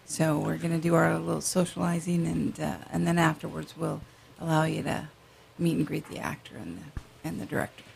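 A woman's voice: low voice, fairly quick, gravelly, a little mellow, slight background noise. A woman co-producing a play, explaining practical plans in a radio interview.

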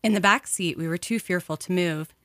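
A woman narrating a memoir audiobook in a measured, even storytelling manner. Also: fairly low pitch, no echo.

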